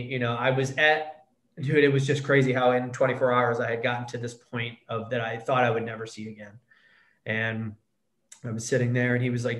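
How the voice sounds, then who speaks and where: A man's voice: medium pitch, level tone, fairly quick, a bit bright. A man telling a candid recovery story as a podcast guest, blunt and profane, calling the host "dude". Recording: echoey room.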